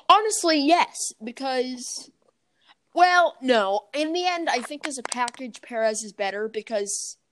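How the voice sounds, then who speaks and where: A woman co-hosting a podcast in casual chat, chatty, often correcting herself, and quick to laugh. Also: high voice, lively intonation, a little hiss or hum. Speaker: podcast co-host.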